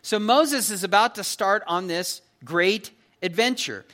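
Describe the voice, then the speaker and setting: A man's voice: high voice, lively intonation, a little slow, few pauses, a bit bright. A man preaching an expository sermon in a conversational, emphatic way, often checking in with his listeners. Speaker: pastor.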